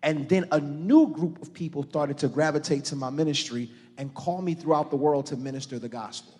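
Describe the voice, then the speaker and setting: Middle-aged pastor, high-pitched, preaching with rising fervor, live in a church hall with a long echo. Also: male voice, brisk, husky. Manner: preaching with rising shouted intensity, calling on the congregation. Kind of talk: sermon.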